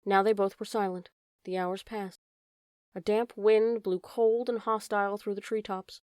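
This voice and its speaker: A woman narrating a classic storybook audiobook in a calm, measured way. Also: mid-range voice, clear, resonant tone, no echo, studio quality.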